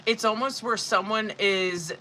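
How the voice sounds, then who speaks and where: Very bright, profane woman reading tarot. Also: mid-range voice, measured pace, a little hiss or hum, poor audio. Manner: casual, profane, rambling with many fillers; emphatic and exasperated asides. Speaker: tarot reader. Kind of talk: live-streamed tarot reading.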